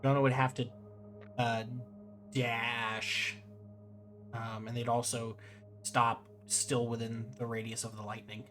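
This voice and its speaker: A young man running a tabletop game as game master, explaining rulings in a relaxed way with fillers and restarts. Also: mid-range voice, unhurried, long pauses, soft background music.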